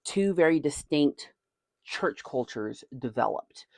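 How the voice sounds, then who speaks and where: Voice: medium pitch, lively intonation, slow, vocal fry, dry recording. A channel host from the southern United States with a Southern American accent, rambling in a chatty way with folksy asides. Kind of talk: casual talking-head chat.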